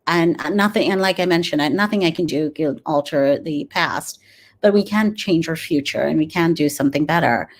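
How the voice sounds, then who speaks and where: A woman in her forties, a dentist and grief coach, talking earnestly in an interview with many pauses and fillers. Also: low voice. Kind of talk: conversational interview.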